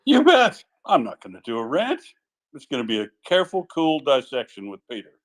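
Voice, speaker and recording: A man's voice: medium pitch, very animated, brisk, poor audio. A man co-hosting an online audio chat, wry and rambling, trailing off mid-thought. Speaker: co-host and analyst. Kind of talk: casual chat.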